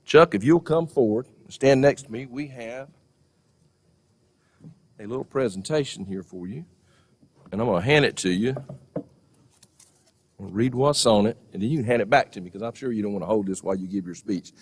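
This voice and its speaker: A man's voice: lowish voice, moderate pace, long pauses, husky. A man hosting a college ceremony, introducing the speaker in a genial, joking way. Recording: long hall reverb.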